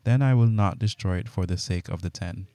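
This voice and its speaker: A calm, assured divine voice grants each request, as a man reads it. Low and dark in tone, recorded close and dry. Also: fairly quick, no room sound, close to an everyday voice.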